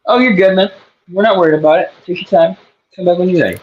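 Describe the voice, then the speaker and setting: A man's voice: fairly high pitch, fast, fairly bright tone, roomy sound. A man co-hosting a casual sports talk show, speaking emphatically and repeating his points. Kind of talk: casual chat. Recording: dull lo-fi audio.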